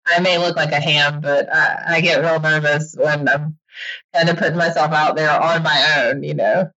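A middle-aged woman chatting candidly as an interview guest, animated and quick to laugh. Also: low-pitched, muffled recording. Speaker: podcaster and author guest. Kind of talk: casual interview chat.

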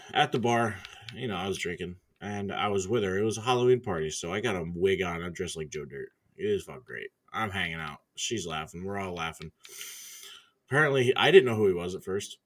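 A man telling a story in casual chat, laid-back and profane, laughing along as he talks. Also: deep voice.

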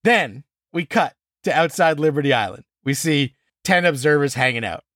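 Sex: man. Role: podcast co-host. Style: casual chat. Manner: animated, exasperated, swearing. Pitch: fairly high and very lively. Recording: dry, close. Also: moderate pace, dry recording. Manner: animated, exasperated, swears freely, acts out scenes. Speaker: podcast co-host reviewing a TV episode.

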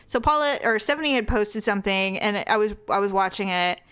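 A woman in casual chat, telling funny stories with animated delivery and frequent laughter. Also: mid-range voice, a little fast, clear, resonant tone. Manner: animated, laughs often, acts out quotes.

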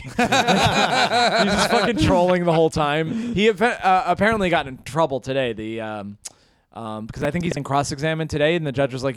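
Young male podcast co-host, jokey rambling storyteller, slightly high and smooth, dry close mic. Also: animated, normal speed, a bit bright, no room sound. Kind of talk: casual comedy podcast chat.

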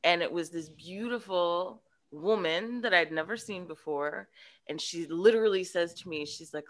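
A woman's voice: fairly low pitch, moderate pace. A woman, a podcast guest, telling a childhood story in casual chat and acting out the voices in it. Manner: animated, acts out voices in her story.

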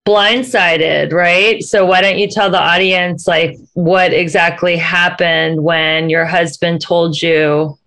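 A woman's voice: lowish voice, fairly even intonation, takes it slowly, hardly any pauses, a bit bright, poor audio. A woman hosting an interview, encouraging her guest and prompting her to tell the audience more. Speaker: interview host. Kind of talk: podcast interview.

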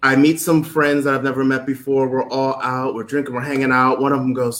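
A man telling a story in a casual, animated way, acting out what people said and laughing often. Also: mid-range voice, a little fast. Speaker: guest. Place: home setup with clip lights.

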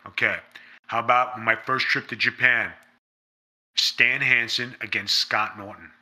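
A man's voice: medium pitch, steady tone, a little slow, bright, forceful tone. A man being interviewed, talking in a blunt, emphatic way and swearing freely. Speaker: interview guest, former pro wrestler. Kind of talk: casual interview storytelling.

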